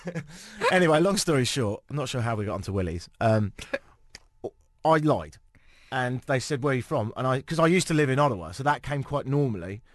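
A man's voice: medium pitch, very animated, fairly quick, no room sound, studio quality. A British man hosting a radio talk show, telling a self-mocking story with acted-out quotes in a casual chat. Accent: British English. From Britain.

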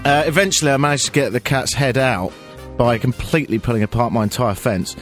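A man hosting a radio show, telling a story in a chatty, animated, self-mocking way with bursts of silly high voices. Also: fairly quick, faint music behind. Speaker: radio presenter.

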